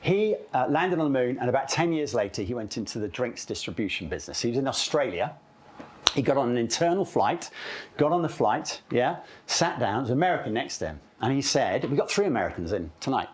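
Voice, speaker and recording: A man giving a live talk at a club event, telling anecdotes in an animated, chatty way, often checking in with "okay?". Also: mid-range voice, brisk, a little hiss or hum.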